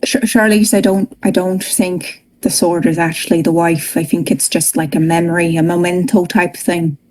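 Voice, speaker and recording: A woman's voice: lowish voice, level tone, normal speed, darkish tone, slight background noise. A woman playing in a tabletop game, talking in a teasing, matter-of-fact way. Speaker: player. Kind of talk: casual tabletop role-play.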